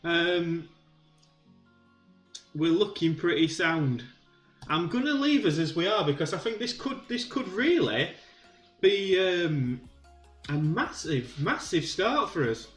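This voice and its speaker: A man with a Yorkshire accent commentating on his own football management game in a chatty way, full of ums and sudden bursts of excitement. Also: sits high, slow pace, pauses often, reverberant, soft background music. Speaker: gaming YouTuber.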